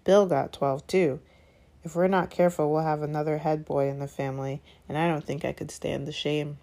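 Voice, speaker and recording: Teasing teenage boy wizard, woman reading him, wry, low mellow voice. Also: fairly even intonation, normal speed.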